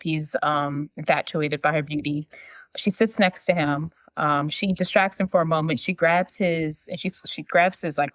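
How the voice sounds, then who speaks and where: Low-voiced woman recapping a movie plot. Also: a bit bright, no room sound. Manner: rambling plot narration with fillers. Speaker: podcast co-host. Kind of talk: casual movie recap chat.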